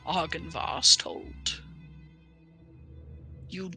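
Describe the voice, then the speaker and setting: A woman voicing a senile ancient male dragon made of bones, guarding a bridge, in a slow, breathy, questioning voice. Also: pushed and bright, soft background music, exaggerated voice. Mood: curious.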